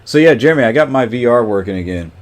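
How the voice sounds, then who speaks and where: A man's voice: mid-range voice, lively intonation, quick pace. A man chatting casually on a livestream, greeting viewers by name and rambling with lots of fillers.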